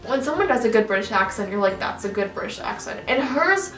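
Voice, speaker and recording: Very animated and brisk, this young woman YouTuber has a medium-pitched, slightly bright voice and sits far from the mic. Her casual reaction rant rambles along, heavy with fillers, restarts, and lots of "like," while faint music plays in an echoey room.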